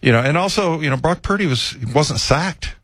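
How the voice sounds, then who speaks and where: A man co-hosting a sports talk show, rambling through casual football chat with plenty of "you know" and restarts. His voice sits at a middle pitch. The recording is dry and close. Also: expressive, fairly quick, a bit bright, breathy edge, no echo. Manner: rambling, many fillers and restarts. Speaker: sports radio co-host.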